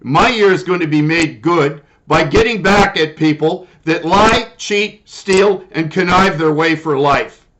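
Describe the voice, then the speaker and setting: An older retired man telling his complaint in a personal monologue, formal and measured at first, then loud and indignant. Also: fairly high pitch.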